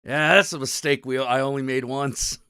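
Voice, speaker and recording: A man's voice: mid-range voice, fairly even intonation, moderate pace, pushed and bright, smooth, no echo, clean studio sound. A man hosting his own stream, ranting casually and profanely to his chat, rambling and exasperated with lots of restarts. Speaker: stream host.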